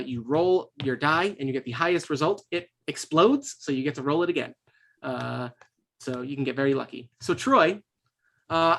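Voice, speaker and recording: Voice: medium pitch, fairly bright tone. A game master running a tabletop game in a casual, laid-back way, with lots of fillers.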